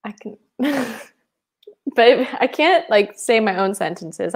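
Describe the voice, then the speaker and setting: A woman's voice: on the high side, expressive, slow pace. A woman in her twenties from Seattle co-hosting a casual live webinar, chatty and giggly, trailing off with fillers. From Seattle, USA. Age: 20s. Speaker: webinar co-host.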